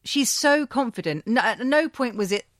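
A woman's voice: fairly high pitch, expressive, normal speed, fairly bright tone, no echo, clean studio sound. Wry, chatty British woman podcast host. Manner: chatty, wry, laughs often. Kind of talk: casual chat.

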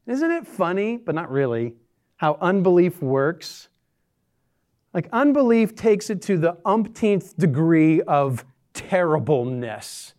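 A man's voice: sits high, sing-song, slow pace, a little mellow. A man preaching a sermon as a pastor in a church, conversational and dryly sarcastic. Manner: conversational, dry sarcastic humor.

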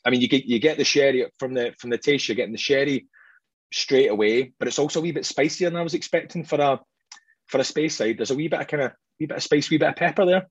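Scottish male host, fast-talking and jokey, slightly husky voice, dull dry recording. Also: medium pitch, no room sound. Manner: chatty, jokey, quick and self-deprecating. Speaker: host of a whisky tasting show. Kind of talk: casual tasting chat.

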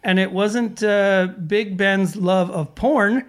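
A man's voice: high-pitched, fairly even intonation, slow. A man co-hosting a podcast, chatting casually and reading listener messages aloud in a laid-back, joking way. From Sweden. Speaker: podcast co-host.

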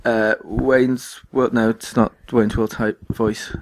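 A man's voice: medium pitch, flat delivery, takes it slowly. Giggly man, podcast co-host. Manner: giggly, rambling, enthusiastic. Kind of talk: casual chat.

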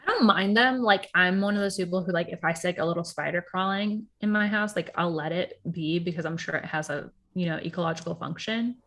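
Woman co-host, slightly low voice, frank and animated, casual swearing, chat about a reality show. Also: brisk, few pauses. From Puerto Rico.

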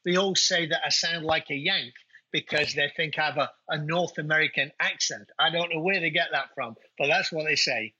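A man's voice: on the high side, normal speed, bright, forceful tone, slightly rough. A middle-aged man from England with a Nottingham accent, chatting as an interview guest about his business, his speech full of uh fillers. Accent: English, Nottingham. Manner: chatty, anecdotal, frequent uh fillers. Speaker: guest, winery owner. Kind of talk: casual interview chat. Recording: dull lo-fi audio.

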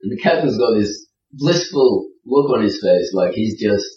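A man's voice: on the low side, moderate pace. A man telling a sailing anecdote in a casual, vivid way. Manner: animated, vivid storytelling. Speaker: guest storyteller. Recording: roomy, distant and dull.

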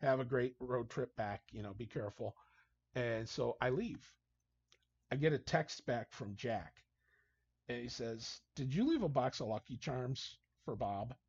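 With a breathy edge to his medium-pitched voice, a male hockey coach guest shares casual stories at a measured pace, animatedly acting out people's quotes. The sound is dry, dull, lo-fi, and echo-free.

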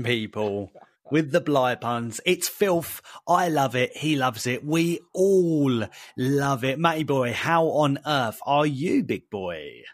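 A young British man from the United Kingdom co-hosts a podcast, chatting casually in a lively, jokey way with playful slang. He speaks slowly at a medium pitch, recorded at studio quality with no echo.

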